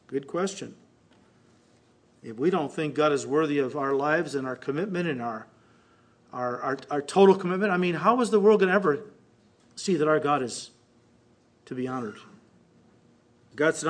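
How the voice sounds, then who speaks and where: A man preaching a sermon in an animated way, acting out the voices of the people and God as he speaks. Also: moderate pace, long pauses. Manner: animated, acts out quoted voices with rising pitch. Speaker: pastor.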